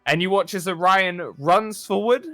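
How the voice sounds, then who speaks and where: A man's voice: high-pitched, fairly even intonation, normal speed, a bit bright, no room sound, soft background music. A man running a tabletop role-playing game as dungeon master, narrating scenes cinematically and laughing with his players over voice chat.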